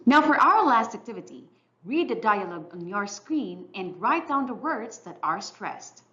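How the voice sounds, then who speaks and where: A woman teacher giving a clear, measured, scripted English lesson narration. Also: medium pitch, very animated, sharp tone, highs cut off. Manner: clear, instructional, measured delivery.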